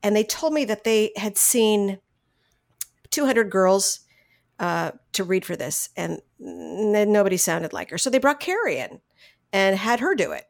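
A middle-aged woman, a voice actress, telling stories from her career in a casual interview, animated, laughing often and restarting her sentences. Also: mid-range voice, a little slow, gravelly. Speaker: voice actress guest.

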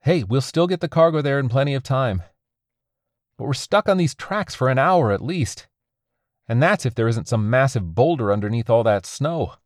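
A man voicing a worried but steady young man, reasoning and incredulous. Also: mid-range voice, normal speed, no room sound, studio quality, pitched above the performer's own voice, lightly acted. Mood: calm.

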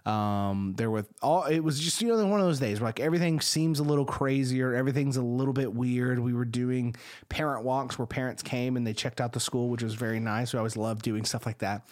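A man's voice: medium pitch, fairly quick. A man hosting a podcast who works as a school administrator, telling a story casually and acting out the people in it. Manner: animated, acts out the people in his stories.

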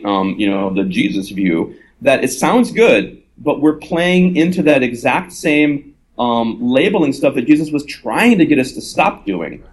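A man's voice: mid-range voice, rough recording. A man, an author speaking at a live gathering, who reasons aloud in an earnest, conversational way and often slips into quoted voices.

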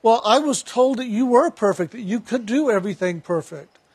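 A man's voice: extremely high pitch, lively intonation, moderate pace, husky, dry recording, pitched above the performer's own voice, heavily acted. A man voicing his former boss, a demanding business owner who is proud and frustrated, speaking in blunt, exasperated questions.

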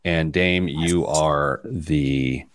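A man's voice: extremely low pitch, fairly even intonation, drawn-out words, a little hiss or hum. A man from Indiana hosting a money podcast, talking in loose, jokey banter, rambling through stories and laughing at his own jokes. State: wired on caffeine. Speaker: podcast host, financial planner. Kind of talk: casual banter on a money show.

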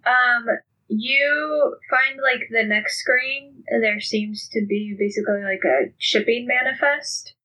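A woman's voice: a little high, takes it slowly, bright, forceful tone, low-quality recording. A woman narrating as game master of a tabletop game, describing scenes casually with many ums.

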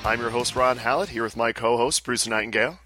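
A man's voice: medium pitch, fast, over music. A man hosting a podcast, joking and teasing his co-host in casual banter on a close mic.

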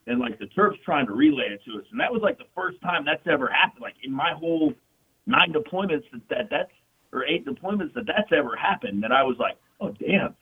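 Fairly high-pitched, husky and animated, this former soldier shares war stories as a guest. He talks fast, swears freely, and keeps dropping fillers and "you know what I mean," all through a tinny, phone-quality recording.

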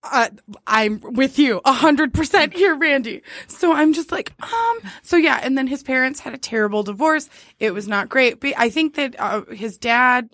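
A woman's voice: high-pitched, lively intonation, moderate pace, fairly bright tone, no room sound, studio quality. A young woman telling a dating story in casual chat, laughing often. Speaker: podcast co-host.

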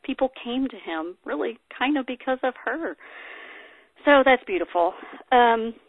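A woman's voice: fairly high pitch, animated, a little slow, dry recording. Lady giving a chatty bible talk to women, reads verses then riffs, dry tinny phone-ish sound. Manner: chatty, with reading aloud and personal asides. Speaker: women's workshop speaker. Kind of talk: conversational Bible teaching.

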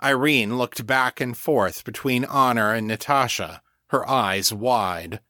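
A man's voice: medium pitch, slow pace, sharp tone, no echo, studio quality. A man host giving a scripted recap of the story so far in a storytelling manner.

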